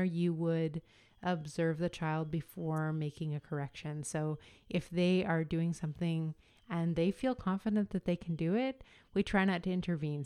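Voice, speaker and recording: A woman in her thirties talks alone on her podcast in a lowish, smooth and clear voice. She lays out and compares ideas patiently, pausing on fillers as she thinks, in a relaxed monologue. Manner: explanatory, compares ideas calmly with frequent fillers. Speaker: podcast host.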